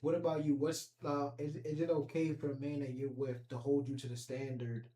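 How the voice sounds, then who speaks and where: A man's voice: mid-range voice, little pitch movement, a little fast, mellow. A man hosting a casual chat, asking probing questions and rephrasing them. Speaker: podcast host. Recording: echoey room with faint noise.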